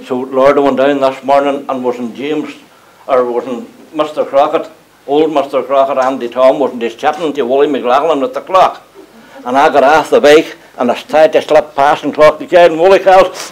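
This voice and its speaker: A man's voice: mid-range voice, moderate pace, some chatter behind, a little hiss or hum, poor audio. An older man with a Northern Irish accent tells humorous yarns about his days at the mill to a live audience, chuckling as he goes. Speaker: local speaker recalling mill days. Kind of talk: anecdotal storytelling to an audience. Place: community gathering before a live audience.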